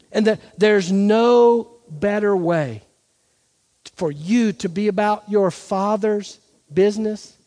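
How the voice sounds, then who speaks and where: A man's voice: high voice, a little mellow. A man pastor delivering a sermon, talking conversationally and asking rhetorical questions. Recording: reverberant hall.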